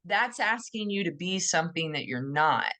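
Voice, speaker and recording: A woman co-hosting a podcast, speaking in a thoughtful, gently emphatic way and often posing questions to herself. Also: fairly low pitch, animated, normal speed. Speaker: podcast co-host. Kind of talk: reflective conversational podcast talk.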